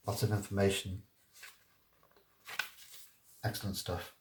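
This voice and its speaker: Gently enthusiastic man, roomy echo. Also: sits low, little pitch movement, background noise. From Liverpool, England. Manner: unhurried, hesitant, with frequent ums and restarts. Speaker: vinyl record reviewer. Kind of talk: casual video record review.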